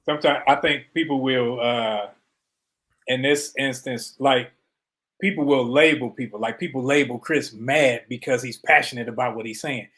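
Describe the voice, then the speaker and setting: A man in a casual group discussion, talking in a passionate, animated way. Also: mid-range voice, normal speed.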